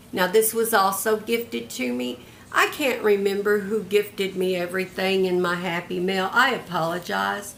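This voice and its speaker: In a homey, talkative show-and-tell, a retired older woman who vlogs about crafts walks through her handmade journal piece by piece. She speaks at a medium pitch with a slightly bright tone over slight background noise.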